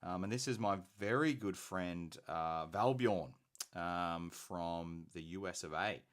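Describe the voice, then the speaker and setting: An Australian man hosting a hobby painting live stream, chatty and rambling as he thinks aloud. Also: sits low. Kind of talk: casual live-stream chat.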